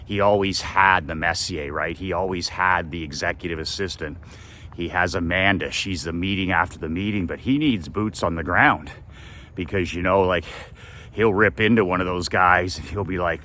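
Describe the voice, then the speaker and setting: Man, low voice, forceful tone, motivational coaching talk, swears freely. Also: moderate pace, a little hiss or hum. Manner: blunt and profane, with emphatic repetition. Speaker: business coach. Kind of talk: motivational monologue.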